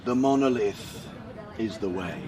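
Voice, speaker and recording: A man voicing a solemn, fanatical male cult preacher, speaking slowly and gravely. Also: lowish voice, over a noisy crowd, heavy background noise, voice pushed down, close to an everyday voice. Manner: slow, grave, intoning.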